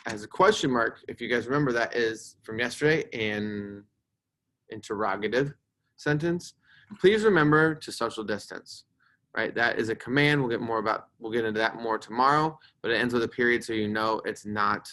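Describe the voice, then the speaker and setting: Man teaching fourth graders a grammar lesson. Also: medium pitch. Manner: acts out example sentences with loud excited emphasis. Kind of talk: recorded online grammar lesson.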